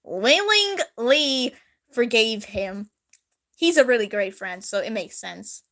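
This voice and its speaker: A woman's voice: a little high, slow pace. A young woman vlogger telling a story in a casual, chatty way, laughing often. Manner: giggly, animated, chatty with frequent laughs. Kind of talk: casual storytelling, reading an old drawing.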